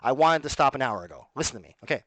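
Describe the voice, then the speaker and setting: A man's voice: medium pitch, animated, very fast, a bit bright, no echo. A man talking to his viewers in a casual, rambling monologue, emphatic and full of asides. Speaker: vlogger.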